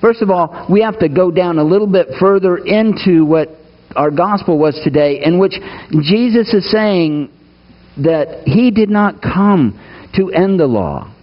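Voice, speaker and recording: A man's voice: high-pitched, animated, unhurried, dull audio. A man preaching a sermon to his congregation, emphatic, putting rhetorical questions to the listeners. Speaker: pastor. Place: church sanctuary.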